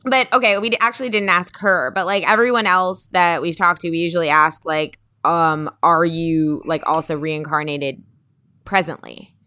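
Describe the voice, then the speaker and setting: Bright-voiced woman thinking out loud. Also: lowish voice, steady tone, normal speed, no room sound. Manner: thinks aloud, rambling. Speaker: podcast co-host. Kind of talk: casual chat.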